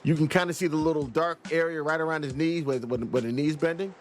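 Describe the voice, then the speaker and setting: A man on the high side, speaking fast with fairly even intonation, casually reviews an indie game as a let's play reviewer. He reads its dialogue in playful, silly voices while the game's music plays behind him.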